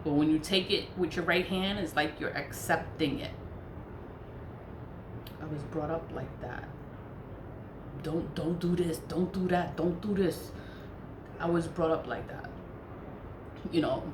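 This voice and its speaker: A woman telling a personal story in a casual monologue, blunt and profane, repeating herself for emphasis. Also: fairly low pitch. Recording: echoey room with faint background noise.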